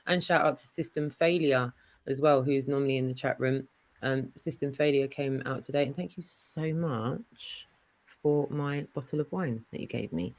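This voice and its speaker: A woman hosting a casual livestream chat, giving shout-outs and telling stories with lots of fillers. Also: a bass voice, normal speed, dry recording, low-quality recording. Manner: chatty, warm shout-outs, many fillers. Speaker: livestream host.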